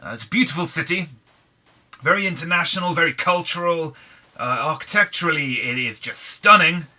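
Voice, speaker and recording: A man's voice: a little high, animated, fairly quick, pushed and bright. An English man giving casual, wry, self-deprecating commentary as he plays Minecraft. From England. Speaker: gaming channel host.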